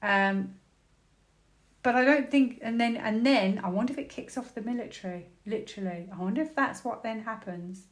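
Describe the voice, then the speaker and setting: A British woman doing a tarot reading, thinking out loud, exclaiming and repeating words as she turns cards. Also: a little high, normal speed. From United Kingdom. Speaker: tarot reader.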